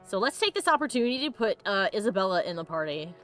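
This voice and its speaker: A woman hosting a let's play, chatting and giggling excitably as she plays a video game. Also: mid-range voice, quick pace, soft background music. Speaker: host.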